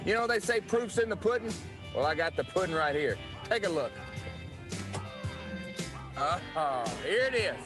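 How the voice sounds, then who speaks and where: A man's voice: high-pitched, animated, unhurried, long pauses, over music, voice pushed up. A man playing a cocky country-singer wrestler. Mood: boastful. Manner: boastful, taunting, spells out his name. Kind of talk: 1990s wrestling promo vignette.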